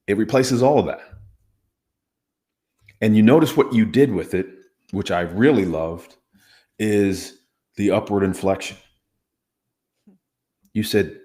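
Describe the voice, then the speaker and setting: A man's voice: fairly low pitch, measured pace, long pauses, a little mellow. A man, a former hostage negotiator, explaining conversation techniques emphatically and acting out examples. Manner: emphatic, demonstrates techniques aloud. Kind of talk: teaching conversation skills.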